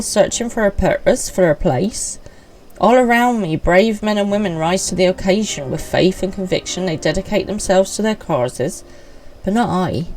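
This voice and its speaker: Woman putting on a moping young nobleman, overwrought game dialogue, lowish voice, faint music behind. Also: a little mellow, lightly acted, low-quality recording. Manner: theatrical, overwrought delivery. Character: whiny young noble man, self-pitying and dramatic.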